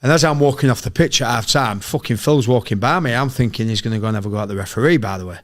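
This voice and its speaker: A middle-aged man from England, a former footballer and podcast guest, telling sweary, animated anecdotes in casual chat. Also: medium pitch, very fast. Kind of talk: casual storytelling.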